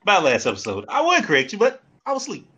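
A male podcast co-host, animated and laughing, telling stories in a casual chat over an online call. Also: high-pitched, fast talker, husky, dull audio. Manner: animated storyteller, laughs a lot. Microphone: online call mic.

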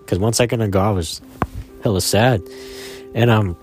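Deep-voiced young man rambling a story. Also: normal speed, darkish tone, faint music behind. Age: 20s. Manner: rambling and slangy, full of "man" and "you know". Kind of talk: casual storytime.

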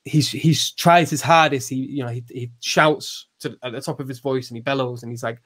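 A man's voice: mid-range voice, fairly even intonation, moderate pace, few pauses, a bit bright. A man explaining ideas in casual conversation, full of restarts and fillers, raising his voice when he acts out quotes. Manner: hesitant, many restarts and fillers; acts out quoted lines with raised voice.

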